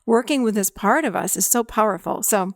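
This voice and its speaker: A woman's voice: medium pitch, a little fast, gravelly, no echo. A middle-aged woman hosting a podcast, talking casually and acting out dialogue with clients. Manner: acts out quoted dialogue, warm validating tone, laughs often. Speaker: podcast host and therapist.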